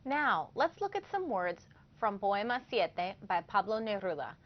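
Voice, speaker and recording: A woman's voice: medium pitch, big pitch swings, a little slow. Woman teaching a language lesson, dull audio. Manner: clear, careful teacherly delivery.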